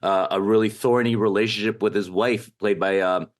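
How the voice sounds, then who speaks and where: Give me a rambling male film critic, low voice. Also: fairly even intonation, moderate pace. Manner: rambling, lots of fillers. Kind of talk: casual panel chat.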